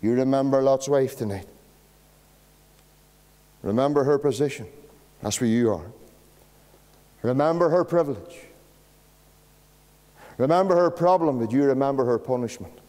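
A man preaching a sermon in a church, using slow dramatic pauses and dropping to a hush on key words. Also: mid-range voice. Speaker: pastor. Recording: long church reverb.

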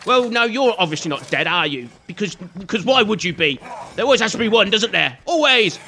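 A man's voice: high voice, sing-song, brisk, sharp tone, slight background noise. A man giving chatty, jokey let's-play commentary and scolding the enemies on screen. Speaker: gaming video host.

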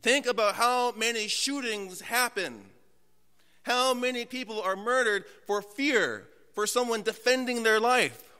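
Preaching from a church sanctuary pulpit, a pastor with a high, bright, very clear voice tells humorous, self-mocking stories. He then slows down, putting hushed, deliberate weight on key words, while a long hall reverb trails behind him.

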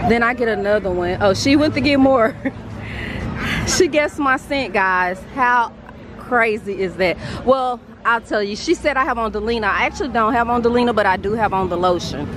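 A woman, chatting excitedly and emotionally in a casual vlog, filmed on a phone held in her hand. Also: medium pitch, moderate pace, background noise. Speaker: vlogger. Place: store, then parked car.

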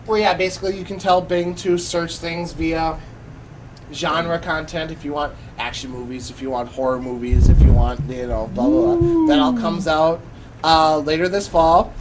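A man's voice: fairly high pitch, moderate pace, background noise. A man co-hosting a casual podcast, recapping a press conference with many fillers and restarts. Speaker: podcast co-host.

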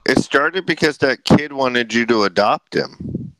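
Bright, crisp man making dry jokes. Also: mid-range voice, measured pace, dry recording, low-quality recording. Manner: teasing, dry remarks. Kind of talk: casual chat.

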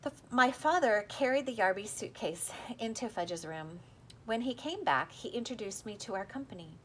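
A woman narrates a children's book aloud with a lively, expressive read. Her pitch moves a lot from line to line. A faint low rumble sits under the recording. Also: normal speed. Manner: lively, expressive reading, voicing the characters. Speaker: audiobook reader. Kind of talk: storybook narration with character voices.

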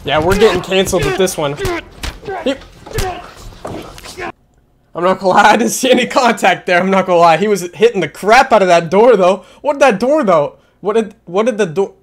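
A man's voice: sits high, animated, fairly quick, long pauses, slight background noise. A young man hosting a reaction video, joking and wisecracking about what he watches. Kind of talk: casual reaction commentary.

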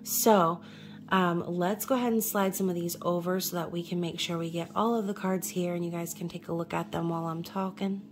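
A woman from New York talks through a tarot reading in a relaxed, chatty way, pausing often to check in with her listeners. Her voice sits on the lower side, with a faint hum of room noise behind it. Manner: chatty, reassuring, frequent "okay?" check-ins. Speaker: tarot reader.

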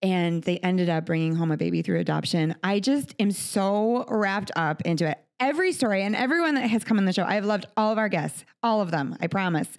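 Brisk and barely pausing, this US podcast host talks in a mid-range voice. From her studio, she conducts a conversational interview, earnest and heartfelt as she discusses faith.

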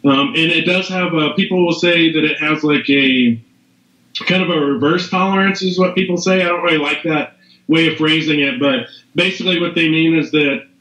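A bright, forceful voice that's a little high comes from a middle-aged man at a moderate pace. He's on a podcast as a guest who runs a CBD business, talking casually and rambling with lots of fillers and restarts. Sound quality is echoey, dull and lo-fi.

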